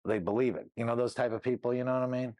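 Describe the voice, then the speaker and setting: A man's voice: mid-range voice, fairly even intonation, racing, darkish tone, dry recording. A middle-aged man speaking as an interview guest, telling his story candidly and rambling with lots of "you know what I mean" asides.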